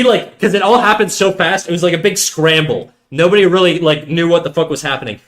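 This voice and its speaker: A man live streaming, telling a story to his chat in a casual, animated and profane way. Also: a little high.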